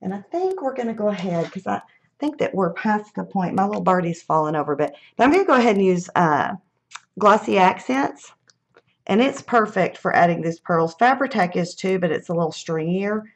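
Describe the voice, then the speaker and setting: A woman's voice: mid-range voice, animated, brisk. A middle-aged woman, chatting casually through a live craft demonstration, thinking aloud and laughing at her own mishaps.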